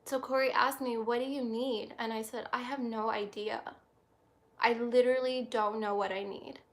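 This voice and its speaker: A woman doing a tarot reading on a livestream, reflective and halting, close to tears. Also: fairly high pitch, steady tone. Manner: soft, reflective, halting with many restarts. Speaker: tarot reader.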